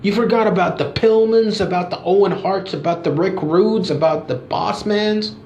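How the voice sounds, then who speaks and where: A man voicing an indignant male wrestler who fires an accusing string of rhetorical questions at his boss, his pitch pushed up well above his own voice. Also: moderate pace, a little mellow, reverberant, dull audio, a little hiss or hum, natural voice.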